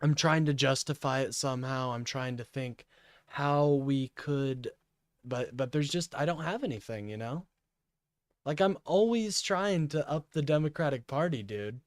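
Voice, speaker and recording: A man's voice: medium pitch, measured pace, no echo. Man, livestream rant, agitated, swearing, apologetic, dry close sound. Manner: agitated, profane, keeps apologizing. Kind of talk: ranting livestream commentary.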